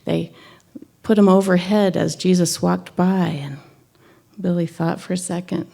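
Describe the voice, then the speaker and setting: A woman minister giving a sermon in a conversational, gently wry way. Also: lowish voice, steady tone, unhurried, gravelly.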